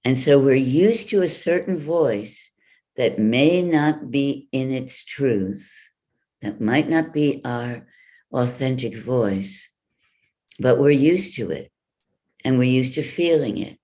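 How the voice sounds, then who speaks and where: A woman voice coach giving an online workshop over a video call, speaking in a deliberate, instructive way. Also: very deep voice, animated, warm tone. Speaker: voice and wellness coach.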